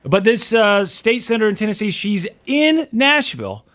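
A man's voice: high voice, very animated, normal speed, a bit bright. A man hosting a podcast in casual chat, rambling and laughing often. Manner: chatty, laughs often, trails off. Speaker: podcast host.

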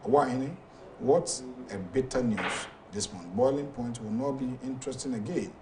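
A man with a Ghanaian accent hosting a talk show, reading viewer messages aloud in a halting way with many fillers. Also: mid-range voice, a little mellow, distant mic, slight background noise.

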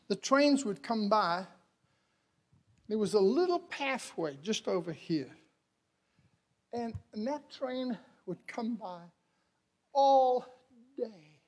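Preaching to his congregation, a male missionary swings from soft passages to loud cries, calls out to the people, and laughs frequently. He has a high voice, and the sound is lo-fi.

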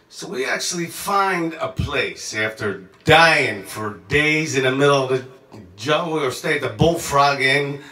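A man telling a rambling travel story in a casual, excitable and profane way, often jumping around mid-sentence. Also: medium pitch, normal speed. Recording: echoey room, mic at a distance.

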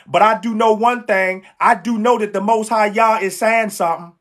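A woman's voice: mid-range voice, fairly even intonation, normal speed, a bit bright. A woman preaching a live sermon, fervent and emphatic, repeating lines and calling out to her listeners in casual, slangy speech. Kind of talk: live-streamed street-style sermon.

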